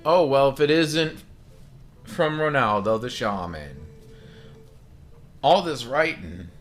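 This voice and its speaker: A man's voice: mid-range voice, animated, slow, fairly bright tone, soft background music, pitched above the performer's own voice. A man doing a sassy barkeeper lady with a put-on Southern drawl. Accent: attempted Southern US. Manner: drawling, calls listener honey.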